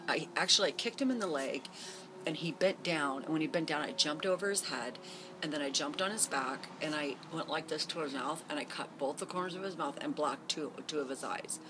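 A woman's voice: sits low, a little fast, noisy background. A middle-aged woman telling a long personal story to camera in a rambling, candid way with many fillers, recorded outdoors in a garden. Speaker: vlogger.

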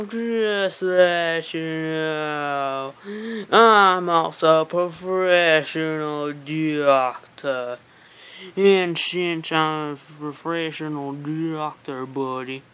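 A woman's voice: low voice, a bit bright, clean tone, heavily acted. A woman voicing a smug male doctor interviewer with a pink mustache, pompous and falsely soothing in a comedic parody. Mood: boastful. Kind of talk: comedic parody role-play.

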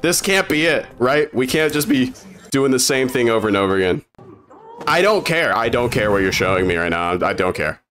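A young man giving excitable, profane reaction commentary on a game trailer, often incredulous. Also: medium pitch, a little fast, faint music behind.

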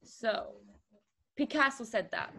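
A woman's voice: on the high side, very animated, slow pace, gravelly, bright, forceful tone. Chatty young woman from Luxembourg. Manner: chatty, loose, trailing fillers. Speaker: quiz round host. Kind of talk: casual online quiz chat.

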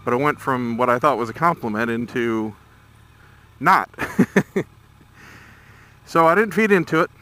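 A middle-aged man telling a story on a casual vlog while riding a motorcycle through town traffic, irritated but measured. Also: medium pitch, animated, sharp tone. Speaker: motovlogger.

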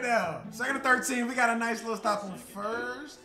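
A young man, excitable and foul-mouthed, swinging between yelling and muttering. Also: very high-pitched, normal speed. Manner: excitable, swears, trash talk. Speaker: gaming YouTuber. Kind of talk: casual gameplay commentary. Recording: roomy echo with loud game music.

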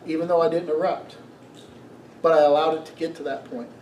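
A middle-aged male pastor preaches with a fairly high voice, lively and full of stories. He often turns to the congregation with questions. He is recorded from a distance in an echoey sanctuary, with a faint hiss behind him. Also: a little fast. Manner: storytelling, animated, asks the congregation questions. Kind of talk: sermon. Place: church sanctuary. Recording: echoey room, mic from a distance.

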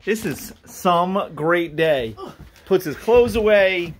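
A man hosting a family vlog at home, talking in an animated, encouraging way and praising his son. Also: high voice, takes it slowly, a little hiss or hum. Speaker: family vlog host and father. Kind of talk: casual family chat.

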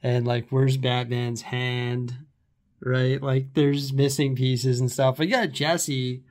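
Slow and level, the man's mid-range voice carries a home vlog in which he sorts through and displays his stuff. He's winded as he moves between rooms and stairs. His talk is loose and meandering, peppered with fillers.

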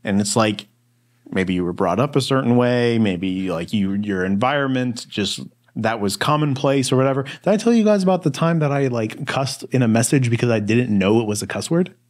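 A man's voice: medium pitch, normal speed. A man co-hosting a Bible study podcast, talking in a casual, rambling way with lots of fillers. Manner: relaxed, rambling storyteller with many fillers. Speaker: podcast co-host.

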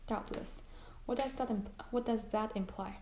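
A woman voicing a brooding aristocratic nobleman, reading his lines in a measured, grave way. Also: a little high, darkish tone, roomy sound, a little hiss or hum, lightly acted.

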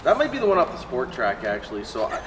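Canadian male vlogger, casual folksy banter, animated pitch, faint background noise. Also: fast. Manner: jokey, folksy, tags lines with "eh" and "why wouldn't I". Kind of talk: casual chat to camera.

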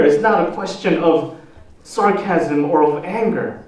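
A man preaching a sermon as pastor, posing slow, deliberate rhetorical questions to the congregation. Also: high voice, a little mellow, recorded from a distance. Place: church sanctuary. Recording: echoey church hall, voice from off the mic.

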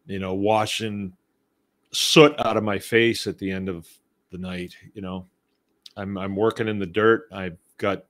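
Relaxed low-voiced middle-aged homestead host. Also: male voice. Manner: rambling, relaxed and conversational, with many restarts. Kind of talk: casual live-show talk reading listener comments.

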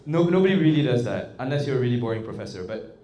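Animated male workshop trainer, echoey room. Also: mid-range voice, quick pace. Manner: animated, coaxing, asks the audience often. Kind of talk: interactive workshop talk. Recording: echoey room with faint ambience.

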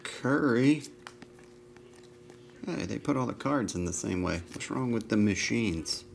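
A man giving casual running commentary while opening trading card packs, listing names in a flat run with dry asides. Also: medium pitch, unhurried, vocal fry. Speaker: trading card box breaker.

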